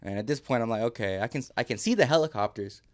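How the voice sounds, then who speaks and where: A man's voice: medium pitch, expressive, quick pace. A man, a podcast guest, telling a story casually, acting out quotes and laughing often.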